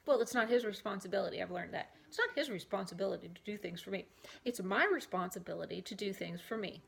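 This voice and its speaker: A woman's voice: mid-range voice, quick pace, gravelly, a bit bright, breathy edge. A woman vlogger reading self-help affirmations to camera, repeating them, then wandering off into chatty asides. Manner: reads aloud, then breaks off into rambling asides. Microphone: camera mic.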